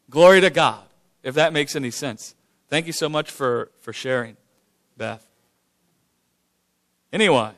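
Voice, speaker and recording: A man's voice: a little high, lively intonation, takes it slowly, pauses often, a bit bright. Fervent man leading a church Q&A. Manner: fervent, repeats "man" and "Glory to God". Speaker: church leader hosting a Q&A. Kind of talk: informal church Q&A talk.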